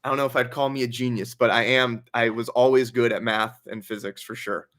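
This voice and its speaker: A man's voice: mid-range voice, steady tone, fairly quick, fairly bright tone. A young man hosting a casual livestream Q&A, reading donations aloud and chatting with a laugh in his stories. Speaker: livestream host.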